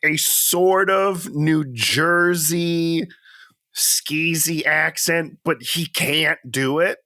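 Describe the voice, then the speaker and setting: A man co-hosting a podcast, talking through a movie in an animated, playful, chatty way. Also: fairly high pitch, very slow. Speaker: podcast co-host. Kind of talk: casual chat.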